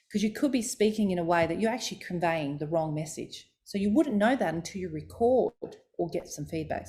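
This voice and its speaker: A woman giving a voice coaching talk, demonstrating pitch and stress exercises aloud as she explains them. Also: a little mellow, slight background noise.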